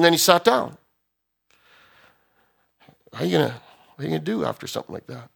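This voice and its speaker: Brief: storytelling male preacher, bright and animated, somewhat high. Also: fairly quick, vocal fry, pauses often, slightly rough. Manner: animated, acts out voices. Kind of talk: sermon storytelling.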